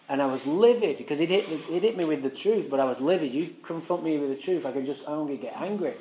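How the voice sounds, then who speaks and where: A man tells a raw personal story to a gathered audience, swearing freely and joking wryly. His voice sits slightly high for a man. The room echoes loudly behind him. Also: quick pace, few pauses, a little hiss or hum. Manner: frank, profane, wry, conversational. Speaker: speaker sharing his recovery story.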